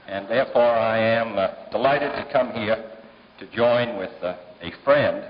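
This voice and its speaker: A middle-aged man giving a formal political speech at a fundraiser, measured and pausing often with "uh" between phrases. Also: fairly low pitch. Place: large banquet hall. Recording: dull 1960s archive recording, long hall reverb, faint hiss.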